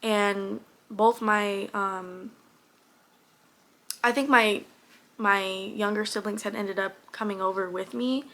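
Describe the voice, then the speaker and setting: A woman's voice: mid-range voice, fairly even intonation, slow, long pauses, fairly bright tone. A young woman casually telling a personal story straight to camera, candid, with lots of fillers and some swearing. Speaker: vlogger.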